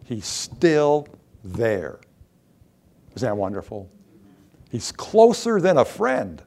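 A man's voice: medium pitch, wildly swooping pitch, takes it slowly, gravelly, a little mellow. A middle-aged man preaching a sermon, asking rhetorical questions and reading scripture aloud.

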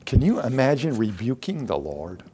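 A man's voice: mid-range voice, sing-song, moderate pace, dark tone, breathy edge. A man preaching a conversational sermon to a congregation, growing emphatic when he acts out quoted lines.

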